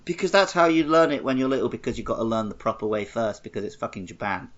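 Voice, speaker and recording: A man co-hosting a podcast, chatting casually and telling animated stories with quoted voices. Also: medium pitch, fast talker, lo-fi sound, a little hiss or hum. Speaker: podcast co-host. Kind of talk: casual chat.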